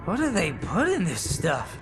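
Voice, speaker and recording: A drunk, rambling buddy. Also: male voice, sits high, huge pitch swings, a little slow, creaky, over loud music, exaggerated voice. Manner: rambling, sloppy, laughing. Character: loud, loyal middle-aged male friend, drunk. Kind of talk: video game voice acting.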